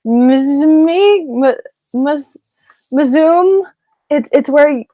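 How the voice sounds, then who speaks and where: A woman's voice: on the high side, no room sound. A young woman from Canada, a voice actress, chatting in an interview, bubbly and rambling with crude jokes and giggles. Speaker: voice actress guest. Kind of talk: casual interview chat.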